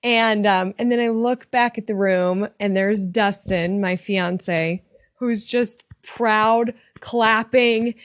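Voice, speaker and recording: A woman's voice: a little high, steady tone, a little slow, no room sound, clean studio sound. Earnest, encouraging woman podcast host. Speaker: podcast host and retail coach. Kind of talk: casual motivational podcast talk.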